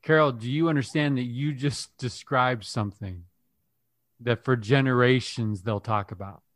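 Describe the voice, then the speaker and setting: A man in the middle of the usual pitch range co-hosts a casual interview podcast. He tells stories upbeat and quick to laugh. The recording is dry and close. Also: fairly bright tone, dry recording. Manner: storytelling, upbeat, laughs easily. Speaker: podcast co-host.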